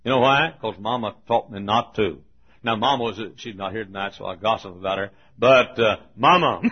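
A man's voice: mid-range voice, breathy edge. An older man preaching a folksy sermon, telling stories with frequent chuckles and restarts. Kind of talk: sermon storytelling. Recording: dull lo-fi sermon recording.

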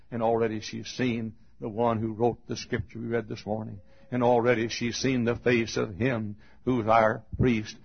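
A man preaching a fiery funeral sermon, swinging from shouted high cries to hushed low tones and laughing between phrases, in a dull lo-fi recording. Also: little pitch movement, moderate pace, vocal fry, slightly rough.

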